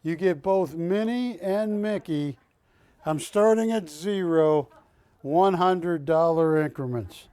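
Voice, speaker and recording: A high-pitched man works a live shopping-channel auction, chatty and jokey as he calls out bids and counts them down. He talks at an unhurried pace, and the studio sound is close and dry. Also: a little mellow, clean tone, no room sound. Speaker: auction host.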